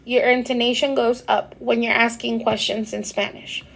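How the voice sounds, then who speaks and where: A woman teacher giving a recorded grammar lecture, explaining patiently and repeating examples slowly. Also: a little high, little pitch movement, creaky, a bit bright, poor audio. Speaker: Spanish teacher.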